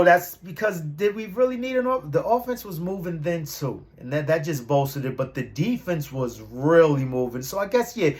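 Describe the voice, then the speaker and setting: A young sports fan vlogger rambles loosely and with slang about his team, his voice a touch higher than most men's. Now and then he erupts into loud, hyped-up shouts, then eases back into relaxed chatter.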